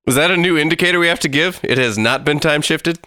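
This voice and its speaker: Deadpan guy cracking jokes on a card podcast, dry sound. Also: on the high side, fast talker, no room sound. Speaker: podcast co-host. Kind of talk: casual chat.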